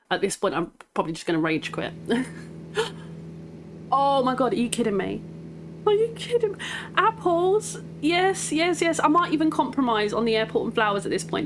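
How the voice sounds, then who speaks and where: A woman giving excited gameplay commentary as a gaming YouTuber, gushing with nervous laughter and squealing bursts of joy. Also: medium pitch, low-quality recording.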